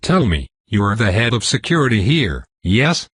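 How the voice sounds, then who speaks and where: A man reading the lines of a composed female vampire commander with a smooth voice and a faint Southern accent, calm and condescending. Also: fairly low pitch, normal speed, no echo. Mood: cool. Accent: faint American Southern.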